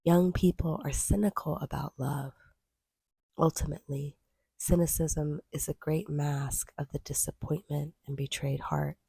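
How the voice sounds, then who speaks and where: A woman reading a nonfiction book aloud in a measured, even way. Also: sits low, gravelly, breathy edge, no echo. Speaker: audiobook reader.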